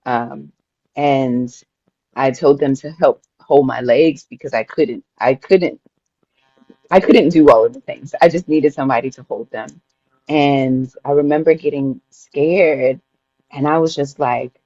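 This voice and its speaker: A woman guest on a podcast, recounting a personal story in an emotional, lively, conversational way. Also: very deep voice, unhurried, no echo, highs cut off. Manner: vivid, emotional retelling that often laughs and acts out her own past words. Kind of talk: personal storytelling in a casual interview.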